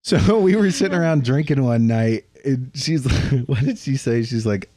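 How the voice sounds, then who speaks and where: Animated, swearing male podcast host. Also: mid-range voice, moderate pace, no echo. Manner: profane, animated storytelling with voiced impressions. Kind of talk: casual chat.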